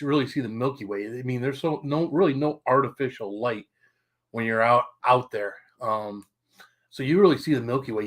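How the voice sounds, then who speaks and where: A middle-aged livestream host with a medium-pitched, fairly bright voice rambles through a story in a chatty way. He swears colorfully now and then and breaks off to greet viewers.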